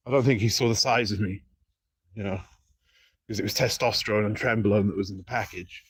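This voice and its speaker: A man's voice: on the low side, steady tone, fairly bright tone, slightly rough, no room sound. Rambling man on a livestream. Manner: rambling, repeats himself insistently, halting restarts. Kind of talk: casual livestream chat. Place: outdoors beside an apartment building.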